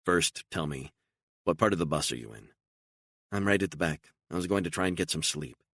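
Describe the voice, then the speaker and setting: A man voicing a calm, guarded male operative who talks in short, measured phrases, in an audiobook. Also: low-pitched, no echo, clean studio sound, pitched above the performer's own voice, heavily acted.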